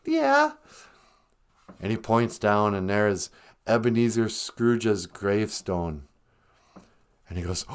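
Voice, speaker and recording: A man's voice: on the low side, very animated, a little slow, pauses often. A man hosting a live stream, retelling a story casually, rambling and joking. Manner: rambling, joking, laughs at own jokes.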